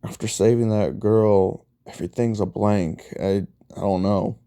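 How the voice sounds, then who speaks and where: A man voicing a confused, injured teenage boy who talks haltingly. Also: on the low side, steady tone, mellow, clear, resonant tone.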